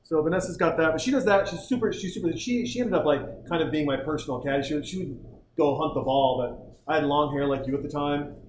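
A man's voice: a little high, fast, roomy sound, slight background noise, poor audio. A man hosting a podcast, telling rambling, jokey stories in casual group chat. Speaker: podcast host.

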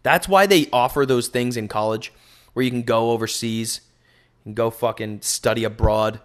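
A man hosting a solo podcast, rambling in an animated, profane way into a microphone. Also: mid-range voice, normal speed. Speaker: podcast host.

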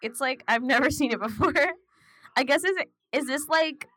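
A woman co-hosting a podcast in casual chat, animated, laughing often and swearing freely. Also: high voice, moderate pace, slight background noise. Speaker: podcast co-host.

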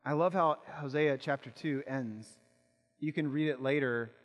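A man's voice: medium pitch, normal speed, big-room sound. A male pastor preaching an impassioned sermon, asking rhetorical questions and repeating words as he builds.

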